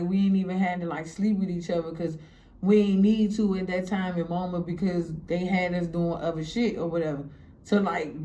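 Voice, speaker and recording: A woman telling a story casually, animated and profane, acting out the quotes. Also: fairly low pitch.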